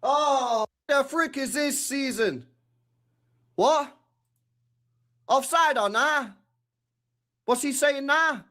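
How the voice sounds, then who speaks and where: A young man live-streaming his reaction to a football match, excitable and slangy, shouting at the screen and swearing. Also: extremely high pitch, extremely slow, pauses often.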